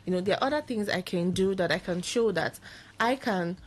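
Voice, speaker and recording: A woman's voice: mid-range voice, brisk. A woman who is a guest on a radio talk show in a studio, speaking with a Nigerian English accent. She talks in an earnest, persuasive way and sometimes acts out the scolding voices of parents.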